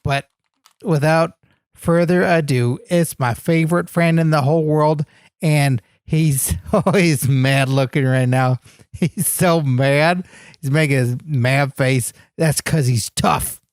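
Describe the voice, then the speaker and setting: A man playing an eager, naive young wrestler in training who co-hosts a comedy podcast and talks in an excitable, childlike way. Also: fairly high pitch, slow, no room sound, studio quality. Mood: excited. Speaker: podcast co-host.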